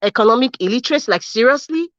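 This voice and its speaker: A woman's voice: on the high side, lively intonation, fast, dry recording. A young Nigerian woman from Edo State hosting a political commentary vlog, angry and fiery, firing off rhetorical questions and repeating herself. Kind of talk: impassioned political rant. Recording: dull lo-fi sound.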